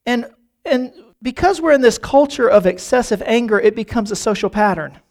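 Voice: mid-range voice, lively intonation, normal speed, darkish tone. A pastor preaching a sermon in a church, talking earnestly and often doubling the first word of a phrase. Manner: earnest, repeats words while starting phrases.

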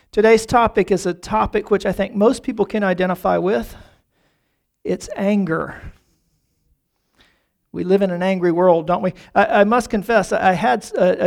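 Preaching a sermon in a church, a pastor speaks earnestly and often doubles the first word when starting a phrase. His voice is medium-pitched, gravelly and a little mellow.

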